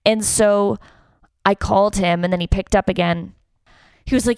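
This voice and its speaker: A young woman talks frankly on her podcast, pouring out a personal story with open emotion and frequent swearing. Her voice sits a little low and comes through smooth and clean, close and dry with no room sound. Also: fairly even intonation, normal speed, darkish tone, no room sound. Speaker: podcast host.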